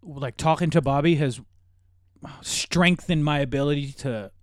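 A man's voice: a little high, measured pace, no room sound, studio quality. A young man co-hosting a podcast in casual chat, telling stories animatedly, swearing and laughing a lot. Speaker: podcast co-host.

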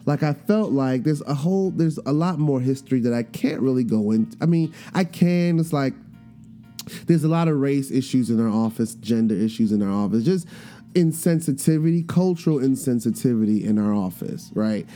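A man's voice: medium pitch, animated, normal speed, dark tone, faint music behind. A man hosting a podcast, telling a personal story in a casual monologue and acting out the voices of the people in it. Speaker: podcast host.

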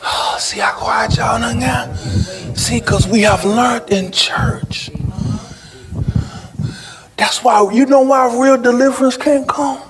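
A pastor preaching a sermon in church, building to shouts and teasing his congregation. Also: extremely high pitch, steady tone, slow, long pauses, slight background noise, poor audio. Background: music under the preaching.

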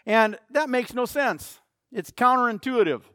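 Man, pastor, sermon, emphatic, repeats phrases, high pitch, dry recording. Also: animated, unhurried, sharp tone, smooth, dry recording.

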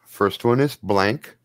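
A man's voice: medium pitch, dry recording. A man narrating a tabletop game as game master, describing things in a casual, joking way with some swearing.

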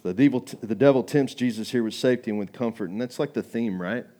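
A man's voice: medium pitch, fast, warm tone. Male pastor, sermon, chatty delivery that turns emphatic. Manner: conversational preaching, acts out quoted voices, rising to emphatic.

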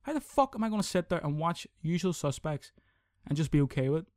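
A man's voice: on the high side, fast, dry recording, studio quality. A young man hosting his own podcast, ranting casually and swearing a lot. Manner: sweary, rambling, animated. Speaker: podcast host. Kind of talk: casual solo podcast rant.

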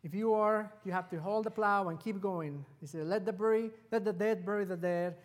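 A man preaching a sermon as pastor, telling the story with animated delivery and acting out the quoted lines. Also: high-pitched, fairly quick, big-room sound. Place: church sanctuary.

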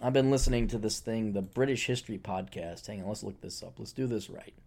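A man hosting a casual solo podcast, ranting sarcastically, swearing casually and mocking others in high put-on voices. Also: fairly quick, vocal fry, darkish tone. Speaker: podcast host.

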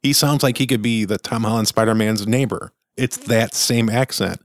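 Male podcast host, lower register, enthusiastic and conversational review delivery. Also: moderate pace, dry recording, studio quality. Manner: chatty, enthusiastic, opinionated. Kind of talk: casual film review.

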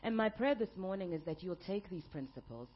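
Woman pastor, husky, upbeat storytelling sermon, slightly dull recording. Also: on the low side, brisk. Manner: animated storytelling with a playful humor. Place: church service.

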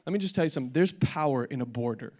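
A young man preaching a sermon as pastor, telling a humorous story and building to loud, energetic declarations. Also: medium pitch, very fast.

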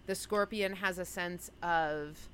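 A woman's voice: lowish voice, fairly even intonation, slow, fairly bright tone, clean tone. A woman co-hosting a podcast, chatting casually and telling stories with playful acted-out quotes. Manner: playful storyteller, acts out quoted lines. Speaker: podcast co-host. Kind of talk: casual chat.

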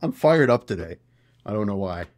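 A man's voice: lowish voice, very animated, normal speed, background noise. A man hosting a political podcast, reading news stories aloud and reacting with exasperated, profane commentary. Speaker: podcast host.

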